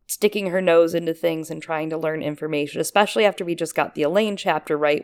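Female podcast co-host, slightly low voice, enthusiastic casual analysis. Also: a little mellow, clean tone. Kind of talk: casual book discussion podcast.

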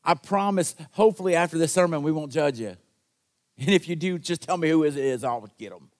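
A man preaching a sermon as pastor, earnest and conversational, with call-and-response asides to the congregation and quoted lines acted out in a raised voice. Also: fairly quick. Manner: acts out quoted voices with big jumps in pitch and loudness.

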